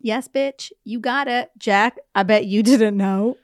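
A woman's voice: a little high, measured pace, no room sound. A young adult woman co-hosting a podcast, telling a rambling story in casual chat and swearing freely. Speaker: podcast co-host.

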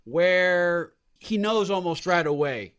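A man's voice: high-pitched, lively intonation, takes it slowly, a bit bright, smooth. A man hosting a casual panel chat, often repeating words as he restarts. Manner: stammering restarts. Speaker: host.

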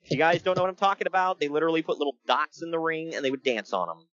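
A man's voice: on the high side, lively intonation, very fast, fairly bright tone, no echo, dull audio. A man co-hosting a podcast, recapping wrestling in a jokey casual chat, laughing often.

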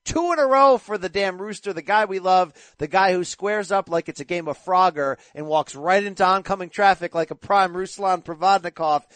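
A man with a high-ish voice hosts casual podcast chat with enthusiastic, joking energy. His sound is dry and close, with no room in it. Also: moderate pace, hardly any pauses, a bit bright, no room sound. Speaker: boxing podcast host.

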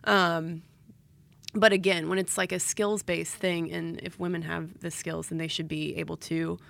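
A woman's voice: on the low side, flat delivery, normal speed, gravelly, fairly bright tone. A woman co-hosting a podcast, chatting casually with restarts and reading listener mail aloud. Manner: chatty, restarts and repeats words. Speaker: podcast co-host.

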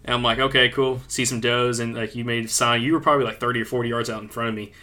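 A man co-hosting a podcast, retelling a hunt in a casual, animated way with lots of fillers. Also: mid-range voice, racing. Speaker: podcast co-host. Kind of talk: casual hunting storytelling.

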